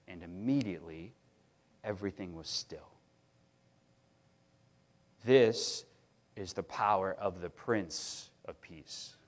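A middle-aged man preaching a sermon, talking in a casual, animated way and often restarting his sentences as he tells stories. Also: deep voice. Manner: conversational, animated storytelling with many restarts. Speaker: pastor.

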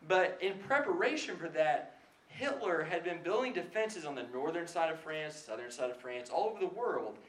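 A young man speaks at a Christian gathering, delivering a casual, sermon-style talk to a live audience in a hall. His voice sits on the high side and sounds animated at a normal speed, chatty and self-deprecating, with lots of "like" fillers. The room is echoey, with faint background noise.

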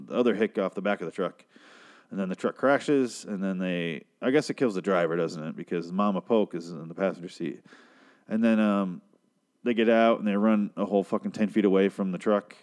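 A man's voice: on the low side, darkish tone. A young man recapping a TV episode in casual, rambling commentary, sarcastic and swearing freely. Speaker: show recapper.

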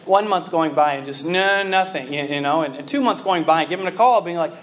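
A man preaching a sermon, telling stories in an animated way with many restarts and fillers like "you know". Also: on the high side, fast talker.

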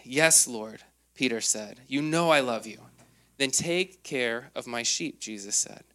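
A man in his thirties preaching a sermon, telling stories with lively acted quotes and frequent fillers. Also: medium pitch, a little slow. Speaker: pastor.

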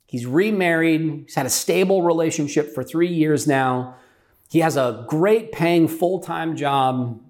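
A man's voice: a little high, darkish tone. A middle-aged man, a pastor, telling a personal story in an earnest, conversational sermon style.

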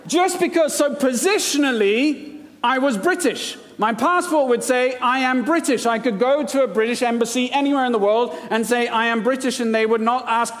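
A man's voice: very high voice, normal speed, a bit bright. A man from India preaching a sermon, mixing scripture readings with playful, jokey asides. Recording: long hall reverb.

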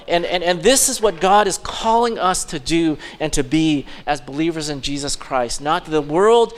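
A man preaching a sermon as pastor, fervent and urgent, dropping into soft mocking asides. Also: fairly high pitch, expressive, normal speed, hardly any pauses.

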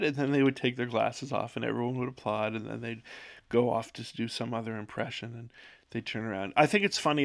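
A man's voice: mid-range voice, vocal fry, fairly bright tone. A man in his forties from Canada, rambling through a casual solo monologue in his office, self-deprecating, often losing his train of thought. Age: 40s. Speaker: solo podcast host. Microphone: own microphone, sometimes moves off it.

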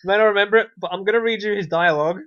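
A man's voice: high-pitched, rapid-fire, no room sound. Wry man co-hosting, dull dry sound. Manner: wry, sarcastic, trails off and restarts. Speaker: podcast co-host. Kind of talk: casual chat. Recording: dull, dry lo-fi podcast audio.

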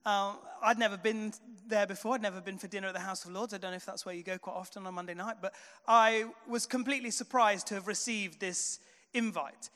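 A man's voice: sits high, fairly even intonation, a little fast, sharp tone. A man preaching a sermon, telling stories in a conversational way with frequent fillers. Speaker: pastor. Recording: long hall reverb.

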